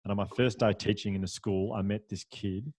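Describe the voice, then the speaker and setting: A man, a podcast guest, telling a story in a lively, anecdotal way, with frequent restarts and fillers. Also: on the low side, fairly quick, no echo. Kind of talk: storytelling in a conversational interview.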